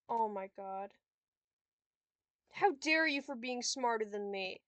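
High-voiced woman swearing at a game. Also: normal speed, pauses often, no echo, highs cut off. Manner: frustrated, swearing, talking to herself. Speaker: streamer playing a board game. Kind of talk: casual gameplay commentary.

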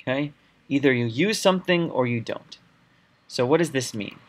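A man's voice: mid-range voice, animated, normal speed. Emphatic man lecturing at a whiteboard. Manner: emphatic, repeats key words while writing. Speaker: teacher.

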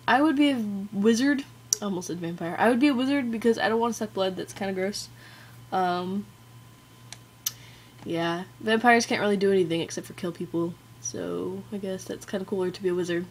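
A woman doing a casual challenge vlog into a webcam. She giggles a lot, mocks herself and fills pauses with um and like. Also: mid-range voice, slightly rough. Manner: giggly, self-deprecating, filler-heavy. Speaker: vlogger.

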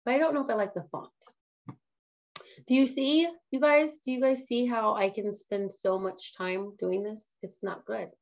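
A woman trainer hosting a casual live tutorial, chatting excitedly and laughing at herself as she works. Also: a little high, normal speed, creaky, highs cut off. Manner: excitable, giggly, self-amused chatter.

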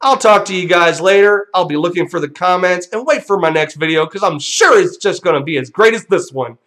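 A man's voice: sits high, lively intonation, fairly quick, a bit bright. A young man hosting a vlog, delivering a profane, combative rant straight to viewers. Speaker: channel host.

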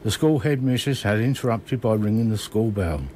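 A man in his sixties from Kent, reading his own memoir slowly and measuredly in a radio studio. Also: lowish voice, darkish tone, a little hiss or hum.

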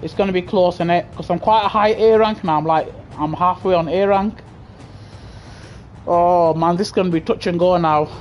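A young British man chatting excitably to his live chat while playing a racing game on a headset mic. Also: high-pitched, moderate pace, lo-fi sound, a little hiss or hum. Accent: British English. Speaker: gaming livestreamer. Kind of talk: casual live gameplay commentary. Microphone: gaming headset.

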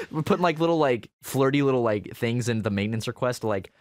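A young man co-hosts a loose, joking podcast and tells stories in an animated way, breaking into loud laughs. His pitch swings widely from low to high. The sound is dry and close, with no room echo. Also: a little fast. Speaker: podcast co-host. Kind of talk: casual podcast banter.

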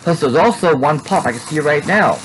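A man's voice: fairly high pitch, lively intonation, fairly quick, slight background noise, poor audio. A man casually narrating an unboxing at home, rambling and tacking "there" onto his sentences. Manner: rambling, repeats "there" and restarts often. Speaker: Funko collector vlogger.

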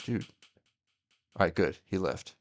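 Excitable young man with a low voice. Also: a little slow, a little hiss or hum. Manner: excitable, yelps and laughs at the game. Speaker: gaming YouTuber. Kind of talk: casual gameplay commentary.

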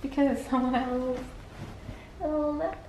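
A young woman vlogging casually, grumpy, quiet and dismissive. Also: high voice, level tone, unhurried. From Australia. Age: young adult. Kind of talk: casual vlog chat. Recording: echoey room with loud background noise.

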